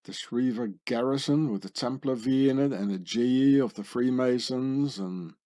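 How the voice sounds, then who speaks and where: A man's voice: medium pitch, normal speed, mellow. A man hosting his own channel and talking through images on screen, in a sardonic, conspiratorial way, often tagging remarks with questions. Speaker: channel host. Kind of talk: screen-share commentary.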